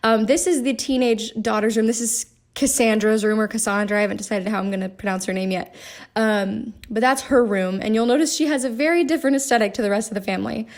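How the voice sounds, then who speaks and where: Talking fast in a fairly high voice, a young woman streamer rambles chattily through a voice-over on her game build, filling it with plenty of fillers in a casual commentary style.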